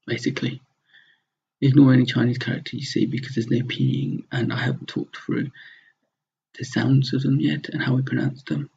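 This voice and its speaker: Man, language teacher, gravelly husky voice, mellow, dull lo-fi recording. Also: medium pitch. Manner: explains step by step, repeats words to model pronunciation. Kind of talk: recorded slide lesson. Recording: dull lo-fi sound.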